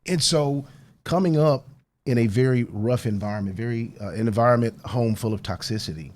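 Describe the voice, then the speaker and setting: A man guest on a talk show, speaking earnestly and deliberately about purpose and opportunity, with the hiccups. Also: mid-range voice, darkish tone. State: has the hiccups. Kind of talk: casual talk show conversation.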